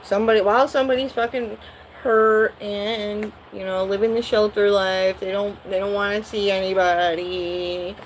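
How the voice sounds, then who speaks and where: A woman's voice: medium pitch, flat delivery, normal speed, a little hiss or hum, rough recording. A woman doing a live tarot reading, talking bluntly and profanely in a rambling way. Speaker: tarot reader.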